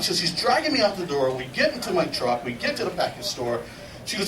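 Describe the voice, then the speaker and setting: This is a fast-talking, high-voiced middle-aged man at a memorial service, laughing through folksy stories and re-enacting other people's lines in lively voices. His informal storytelling eulogy takes place in a memorial gathering hall. Noise, echo, and distance from the mic mark the recording.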